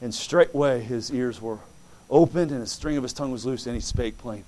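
A man preaching a fervent sermon, reading scripture aloud and swinging from quiet asides to loud exclamations. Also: medium pitch, moderate pace. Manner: acts out quoted voices in dialogue.

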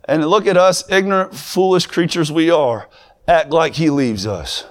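A young man preaching a sermon, moving from plain talk to fervent, shouted preaching. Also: fairly high pitch, a little slow.

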